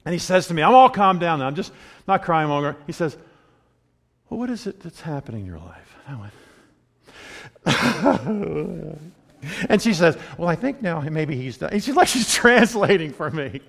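Guy preaching his testimony, slightly high voice, echoey big hall. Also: expressive, normal speed, vocal fry. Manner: storytelling, swings between hushed and loud. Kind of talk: sermon with personal testimony. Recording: long hall reverb.

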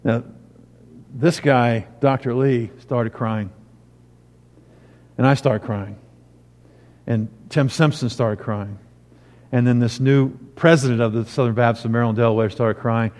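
Storytelling pastor in a reverberant church. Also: male voice, medium pitch, steady tone, unhurried, pauses often, a little mellow. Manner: storytelling, rising to emphatic preaching. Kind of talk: sermon. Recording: long hall reverb.

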